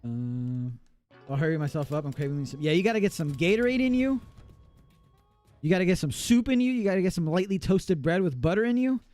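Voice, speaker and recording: A man chatting casually on a live gaming stream, excitable and profane, laughing often. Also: high-pitched, brisk, faint music behind.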